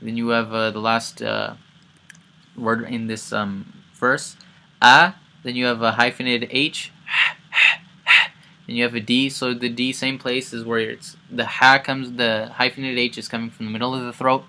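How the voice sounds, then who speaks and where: A man with a bright voice teaches Quran recitation in a relaxed, casual way. He breaks each word into its sounds and says them again and again. When he recites the verses, his voice rises and gets louder. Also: medium pitch, normal speed, creaky. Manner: explains sounds step by step, repeats words, chants recited verses loudly.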